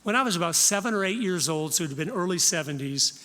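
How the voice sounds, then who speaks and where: A man's voice: sits high, expressive, fast talker, bright, forceful tone. Earnest man preaching in a hall. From Florida. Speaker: conference speaker. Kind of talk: impassioned Christian talk.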